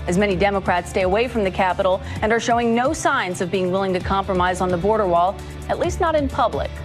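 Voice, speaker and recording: A woman anchoring a news program, reading headlines crisply. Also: mid-range voice, fast. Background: music.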